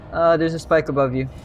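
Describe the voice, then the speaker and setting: A man's voice: on the high side, highs cut off, slight background noise. Teasing young male streamer. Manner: teasing, joking, laughs often. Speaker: streamer host. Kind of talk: casual gaming chat.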